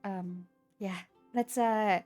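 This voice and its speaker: A young woman streamer chatting casually with her viewers, retelling things in a halting, rambling way with many restarts. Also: mid-range voice, fairly even intonation, darkish tone, faint music behind.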